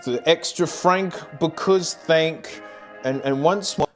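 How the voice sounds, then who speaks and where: A man's voice: fairly high pitch, slow, faint music behind. A man streaming and vlogging in casual chat, rambling and laughing often.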